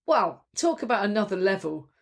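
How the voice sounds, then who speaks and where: A woman co-hosting a podcast, telling stories in an animated, chatty way. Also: mid-range voice, normal speed, vocal fry. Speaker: podcast co-host. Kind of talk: casual book discussion.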